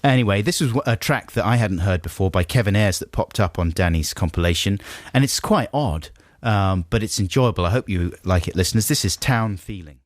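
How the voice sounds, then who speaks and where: A man's voice: fairly low pitch, animated, brisk, few pauses, no room sound. A man co-hosting a radio show, telling a story with chatty enthusiasm. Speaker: radio co-host. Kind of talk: comic radio banter. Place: radio studio. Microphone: studio microphone.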